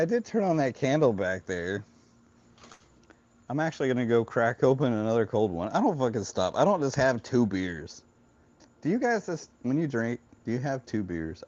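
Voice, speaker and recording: A man's voice: medium pitch, darkish tone, highs cut off. A man with a Southern California accent, live-streaming his trading while a few beers in, loose and joking as he chats with viewers. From Florida, US. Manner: loose, joking, chatty with viewers, laughs often. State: a few beers in, slightly tipsy. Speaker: live-stream futures trader. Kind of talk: casual live-stream chat.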